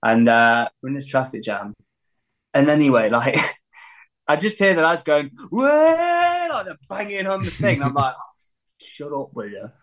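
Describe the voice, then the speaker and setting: A man, a musician guest telling lively anecdotes and laughing as he acts out quotes. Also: mid-range voice, moderate pace, pauses often. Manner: animated, laughing storyteller who acts out quotes.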